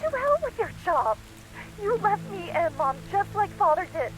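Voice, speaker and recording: Grieving, frightened sister from a horror game, high-pitched and pleading, with music behind. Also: female voice, big pitch swings, moderate pace, fairly bright tone, full character voice, low-quality recording. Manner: pleading, accusing, tearful. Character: frightened grieving young woman, the sister, alone. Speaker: game character.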